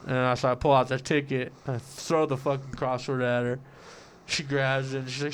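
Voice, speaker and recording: A man telling a swearing, animated story about winning a lottery prize, acting out what everyone said. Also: mid-range voice, moderate pace, smooth. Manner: profane, animated, acts out quotes. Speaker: lottery winner guest. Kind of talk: casual storytelling.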